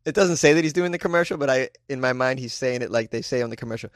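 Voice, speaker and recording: A man's voice: medium pitch, fast talker, dry recording, studio quality. Wisecracking man riffing on the news. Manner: wisecracking, laughs often, riffing asides. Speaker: podcast host. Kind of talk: comedic news commentary.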